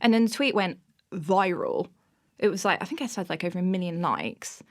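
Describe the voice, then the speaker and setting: A woman's voice: lowish voice, expressive, normal speed. A woman, a podcast guest, telling funny self-mocking stories in a casual interview, often breaking into laughter.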